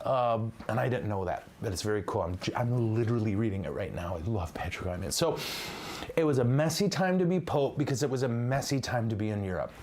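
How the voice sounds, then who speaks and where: A man's voice: mid-range voice, darkish tone. A man, a priest, giving a livestreamed teaching in a chatty, joking, digressive way. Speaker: priest teaching church history.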